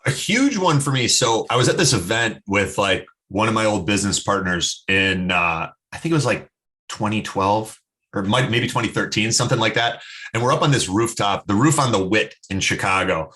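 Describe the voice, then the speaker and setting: Bright-voiced chatty man. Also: on the low side, normal speed. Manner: animated storyteller, many "like" fillers. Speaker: podcast guest, health expert. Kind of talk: casual interview talk.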